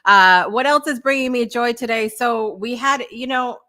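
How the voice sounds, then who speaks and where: Bright-voiced chatty woman hosting a morning show. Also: on the high side, moderate pace. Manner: chatty, laughs often, lots of fillers. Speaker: morning talk show host. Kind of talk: casual chat.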